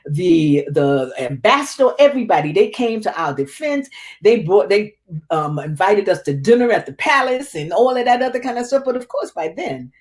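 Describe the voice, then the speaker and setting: A woman's voice: mid-range voice, big pitch swings, normal speed, a little mellow. A woman being interviewed, telling a painful personal story with feeling and often repeating words as she relives it. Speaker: interview guest.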